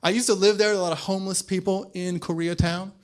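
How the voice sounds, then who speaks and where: A young man from the American South performing a stand-up set in a comedy club, talking quickly and acting out voices with sudden loud bursts. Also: sits high, fairly even intonation, clear, resonant tone.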